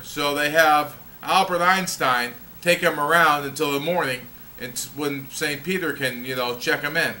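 Upbeat high-voiced man vlogging. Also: bright, forceful tone. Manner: upbeat, jokey, sings a theme jingle. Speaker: vlog host. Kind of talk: casual video diary. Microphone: built-in camera mic.

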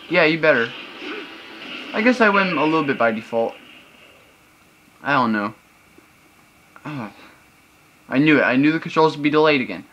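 A man's voice: on the high side, lively intonation, normal speed, long pauses, fairly bright tone, slight background noise, rough recording. A young man hosting casual gameplay commentary, chatty and loose, breaking into frustrated outbursts. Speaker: gaming channel host. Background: video game music.

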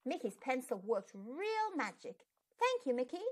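A woman reading a children's book aloud, voicing a kind, calm primary school teacher with an encouraging manner. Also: high-pitched, a little slow, full character voice.

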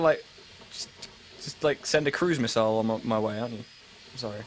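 Rambling English teen streamer. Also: male voice, mid-range voice, expressive, quick pace, a little hiss or hum, low-quality recording. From England. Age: late teens. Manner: rambling and self-mocking, full of fillers and restarts. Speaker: livestream host. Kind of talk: casual live-stream chat, answering viewers.

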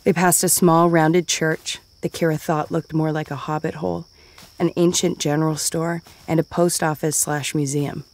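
A narrator reading a story aloud in a steady, even storytelling manner. The voice sits at a middle pitch throughout. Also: normal speed. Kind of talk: audiobook narration.

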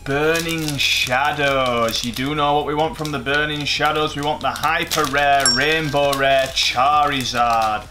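A man who hosts a card-opening channel, chatting casually as he opens packs. He gets excited, swears and mocks himself. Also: a little high, unhurried, hardly any pauses, music in the background.

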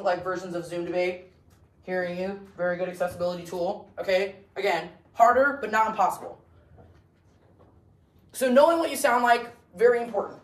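Young woman debate coach, blunt and chatty, far off in a roomy classroom. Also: medium pitch. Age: young adult. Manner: blunt, chatty, full of "like" and "okay?". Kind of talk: casual classroom lecture. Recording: roomy classroom, voice from across the room.

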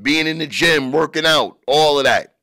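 A man's voice: a little high, normal speed, pushed and bright, dry recording. A man hosting a podcast alone, a comedian giving crude, joking commentary from his own studio. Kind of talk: casual podcast monologue.

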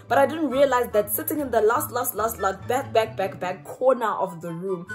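A young woman from South Africa, vlogging casually to camera with a slightly runny nose, telling a story in an animated, slangy way and laughing often. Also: mid-range voice. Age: young adult. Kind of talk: casual vlog chat to camera.

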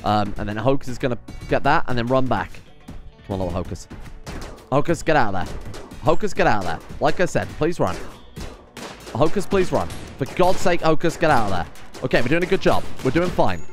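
A man giving casual let's-play commentary, often exasperated, swearing and swinging loud when things go wrong. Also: medium pitch, sing-song, fairly quick, soft background music. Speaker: gaming commentator.

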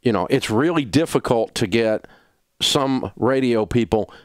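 A man's voice: mid-range voice, unhurried, no echo. A man with a Southern US accent, a radio talk show host delivering a blunt, emphatic advice rant in a studio. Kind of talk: passionate on-air advice rant.

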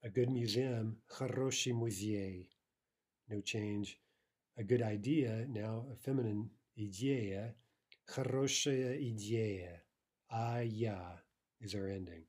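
A man teaching a recorded language lesson, explaining patiently, with fillers and restarts, and slowing down to read example words. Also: lowish voice, steady tone, a little mellow, husky.

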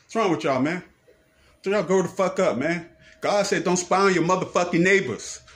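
This is a man ranting to camera in a high-pitched, slightly bright voice at normal speed. His delivery is confrontational and profanity-heavy, full of repetition and accusing questions.

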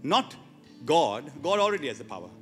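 A man's voice: fairly high pitch, sing-song, normal speed, a bit bright, long reverb tail, faint music behind. A man preaching a sermon to his church, emphatic and often asking the congregation questions. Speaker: pastor. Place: church hall.

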